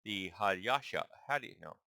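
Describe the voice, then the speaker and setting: A man hosting his own channel, casually reading through a list and thinking aloud, halting and stumbling over unfamiliar names. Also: lowish voice, animated, vocal fry, bright, forceful tone, dry recording. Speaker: channel host.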